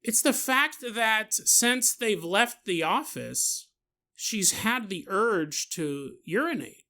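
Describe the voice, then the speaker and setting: A man's voice: high-pitched, very animated, takes it slowly, pushed and bright. A man hosting a podcast, telling a story in a comedic, jokey way and laughing at his own asides. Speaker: podcast host.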